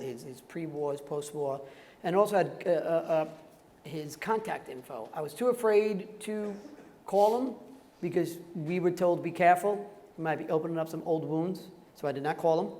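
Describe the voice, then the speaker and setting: A man on a conference panel telling a personal story in a halting, laughing way. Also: on the high side, a little mellow. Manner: halting, with restarts and frequent laughter. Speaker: actor on a veterans' conference panel. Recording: echoey hall with faint noise.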